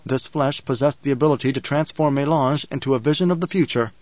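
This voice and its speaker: A man narrating an audiobook in a measured, dramatic reading style. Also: medium pitch, a little mellow, dry recording. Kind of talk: scripted narration. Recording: dull, dry recording.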